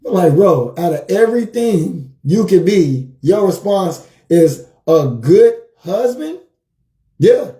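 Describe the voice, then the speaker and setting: Dark-voiced man coaching in an echoey room. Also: high-pitched, takes it slowly, few pauses. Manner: animated storytelling, repeats his phrases for emphasis. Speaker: life coach. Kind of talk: motivational livestream talk.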